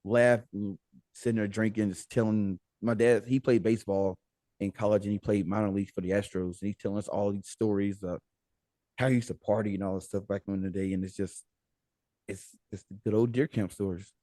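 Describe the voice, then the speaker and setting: An American man as a podcast guest, telling a story in a casual, animated way, laughing and acting out the dialogue. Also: fairly low pitch, fairly quick, no echo.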